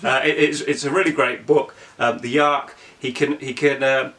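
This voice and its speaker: A man's voice: medium pitch, steady tone, normal speed, a bit bright. A man co-hosting a casual children's book review, joking and teasing himself, with plenty of ums and uhs. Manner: jokey and self-mocking, with many fillers.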